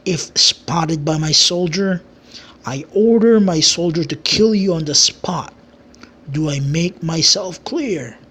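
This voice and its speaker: A narrator voicing a stern king who scolds and sentences his traitor brother in a homemade fantasy story, giving slow commands. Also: mid-range voice, a bit bright, husky.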